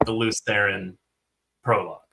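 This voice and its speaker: A man co-hosting a podcast, chatting excitedly about a fantasy book, swearing often and filling his talk with "like". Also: lowish voice, normal speed, creaky. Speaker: podcast co-host. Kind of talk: casual book discussion.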